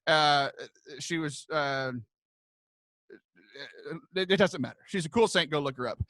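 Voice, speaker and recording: A young man tells a long, rambling story in a casual podcast chat, stumbling over restarts and breaking into laughter. His voice is bright and forceful and a little high for a man. The sound is close and dry, with no room echo. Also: a little slow. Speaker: podcast co-host.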